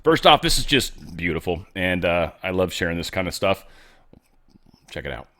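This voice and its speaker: A man with a low voice hosts a casual political commentary, swinging his pitch around a lot as he goes. He talks in a folksy way and keeps tossing rhetorical questions at his listeners. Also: sing-song, moderate pace, sharp tone. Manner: folksy, conversational, asks the audience rhetorical questions. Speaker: host.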